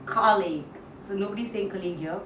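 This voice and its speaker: A woman with an Indian English accent teaching English pronunciation in a casual lesson, repeating words slowly and mixing in Hindi phrases. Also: a little high, lively intonation. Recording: echoey room, distant mic, faint noise.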